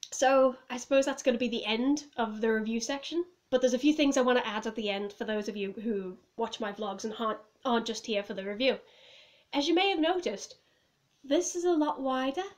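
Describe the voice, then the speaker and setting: A woman vlogging casually to camera at home, rambling and giggling as she reviews a film. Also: a little high. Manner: rambling, giggly, lots of "like" and "I was just like". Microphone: phone or camera on a table.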